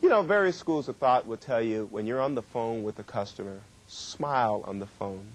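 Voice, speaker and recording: A middle-aged man giving a workshop lecture on communication, with emphatic, drawn-out stresses. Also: mid-range voice, lively intonation. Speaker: communication trainer.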